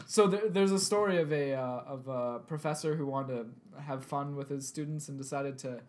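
A young man co-hosting a podcast, telling an animated story with lots of laughter and loud outbursts. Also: mid-range voice, moderate pace. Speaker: podcast co-host. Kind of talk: casual chat, storytelling.

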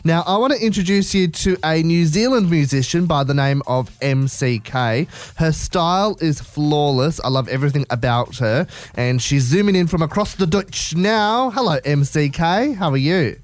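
A man's voice: a little high, expressive, moderate pace, rough recording. A man hosting a radio interview, effusive and gushing with praise for his guests. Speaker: radio host.

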